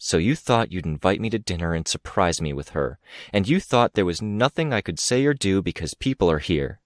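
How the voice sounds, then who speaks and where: A man's voice: sits low, lively intonation, brisk, no room sound, studio quality. A man reading an audiobook, voicing a distraught young woman who speaks in a strangled, breathless whisper, bitter and accusing.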